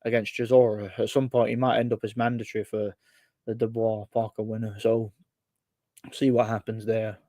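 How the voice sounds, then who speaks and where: A man's voice: lowish voice, flat delivery, normal speed, mellow, no room sound. A man hosting a casual livestream and answering chat questions, rambling with lots of repeated words and fillers.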